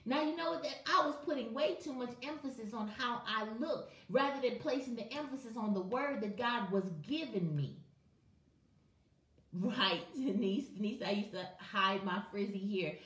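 A woman preaches in a live morning stream, her voice sitting a little high. She speaks fervently and conversationally, calling out to viewers by name. The sound is roomy and echoey. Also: moderate pace, fairly bright tone, recorded from a distance. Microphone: webcam or phone on a live video.

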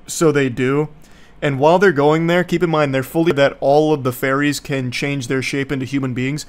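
A man's voice: medium pitch, fairly even intonation, normal speed. A young man giving casual, sarcastic movie commentary in a rambling, mocking way. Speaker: YouTube commentator.

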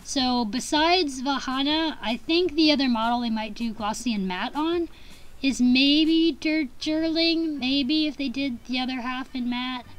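A young woman with a slightly high voice talks through her collection in a loose, rambling vlog. She gushes and giggles, trips over her words and restarts her sentences often. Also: normal speed, few pauses, poor audio. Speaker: collector vlogger. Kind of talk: casual rambling review.

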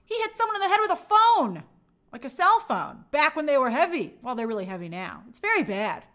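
A woman's voice: high-pitched, brisk. Emphatic woman hosting a live chat. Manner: emphatic and animated, reads out viewer comments. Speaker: live-stream host.

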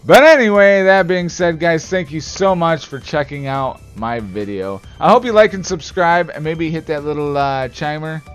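A man's voice: fairly high pitch, normal speed, few pauses, clear, resonant tone, dull audio. A man casually commenting on his gameplay, joking around, swearing and bursting into mock anger. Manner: animated, jokey, swears, outbursts of mock anger. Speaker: let's play gamer. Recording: game music behind.

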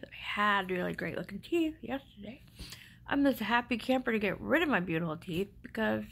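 A woman's voice: mid-range voice, vocal fry, fairly bright tone, slight background noise, low-quality recording. A middle-aged woman vlogger speaking without teeth, telling a personal story in an emotional, rambling way that often drops to a whisper.

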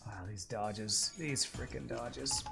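A man's voice: mid-range voice, takes it slowly, gravelly, music in the background. A man streaming a game live, rambling and joking with frequent swearing. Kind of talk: live gaming commentary.

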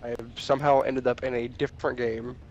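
A man chatting with friends while gaming, animated and excited as he tells what happened. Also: medium pitch, fairly quick, muffled recording. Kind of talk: casual gaming chat.

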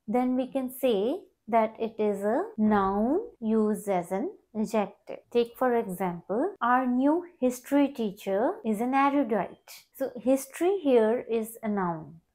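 A woman's voice: on the high side, mellow. A woman teaching an English grammar lesson, explaining step by step and often repeating words.

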